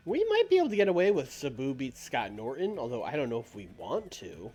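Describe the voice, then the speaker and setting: A man live-streaming a game, thinking out loud with a lively, wandering pitch. Faint music plays behind him. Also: brisk. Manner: musing, swings from soft to loud. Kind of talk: thinking aloud while playing a game.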